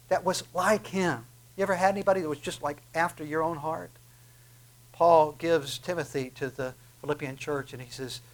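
A man's voice: fairly high pitch, a little fast. A man preaching a sermon, fervent and swelling to emphatic peaks, with frequent restarts.

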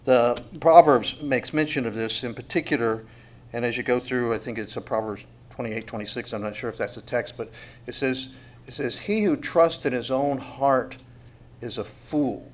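A middle-aged man leads a Bible study in a relaxed, conversational way. His voice sits at an ordinary middle pitch, and he keeps asking the listeners questions and punches the words he wants to stress. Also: moderate pace, slight background noise. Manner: conversational, asks rhetorical questions, dynamic emphasis. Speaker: Bible teacher. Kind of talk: expository Bible teaching.

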